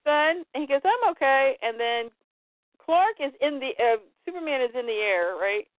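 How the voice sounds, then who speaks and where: A woman with a somewhat high voice recaps a comic book story on a casual podcast. She quotes the characters' lines, shifting her voice a little for each. The sound is dry and tinny, like a phone line. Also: expressive, moderate pace, no echo. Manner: retells the story, quoting characters in lightly changed voices. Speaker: podcast co-host.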